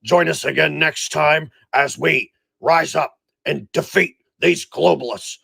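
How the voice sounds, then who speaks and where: A man playing a mock-serious male infomercial pitchman host. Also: a little slow, creaky, sharp tone, breathy edge, no room sound, full character voice. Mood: salesy. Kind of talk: comedic parody.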